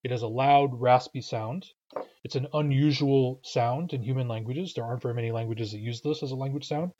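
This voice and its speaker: A man gives a patient, methodical pronunciation lesson, often pausing with filler sounds. His voice is a bit husky at a middling pitch. The recording sounds slightly dull and lo-fi. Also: steady tone, mellow. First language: English. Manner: patient, explanatory, frequent uh fillers. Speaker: language teacher.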